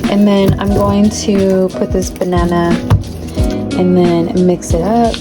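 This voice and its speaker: A young woman talks through her day in a loose, filler-filled vlog style. She sounds a little distant from the camera in an echoey room. Music plays clearly underneath. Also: mid-range voice, flat delivery, slow. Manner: rambling, filler-heavy, laid-back. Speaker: lifestyle vlogger. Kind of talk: casual vlog chat. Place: apartment kitchen, then a gym.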